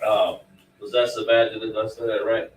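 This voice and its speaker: A man's voice: on the low side, little pitch movement, brisk, a little hiss or hum. A man teaching a class, preaching emphatically and quizzing his students. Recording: echoey room, mic far off.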